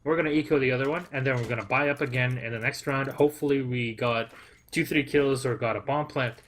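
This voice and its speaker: A man's voice: medium pitch, steady tone, quick pace, fairly bright tone, slight background noise. A man commentating a live esports match, chatting casually with many fillers between calls.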